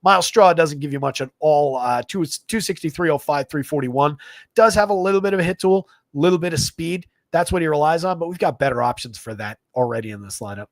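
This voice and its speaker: A man giving a live fantasy baseball rundown, reeling off player numbers quickly with frequent fillers. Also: on the high side, dry recording, studio quality. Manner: rapid stat-heavy delivery with frequent fillers. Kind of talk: live stream sports stats rundown.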